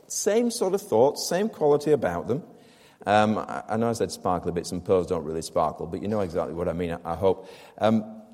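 Preacher in an echoing church. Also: male voice, lowish voice, mellow. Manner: expository, rhetorical questions, emphatic repetition. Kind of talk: sermon.

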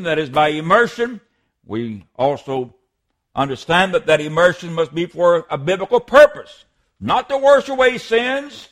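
A man's voice: fairly high pitch, fairly bright tone. A man preaching a sermon as a pastor, earnest and emphatic, sometimes restarting a word.

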